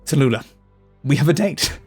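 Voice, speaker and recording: A man's voice: fairly high pitch, lively intonation, moderate pace, darkish tone, husky, faint music behind. Man reading determined young woman officer, earnest, resolute.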